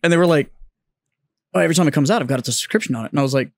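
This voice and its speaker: A man co-hosting a podcast, telling a story in animated, swearing casual chat. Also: fairly high pitch, rapid-fire, no echo, studio quality. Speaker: podcast co-host.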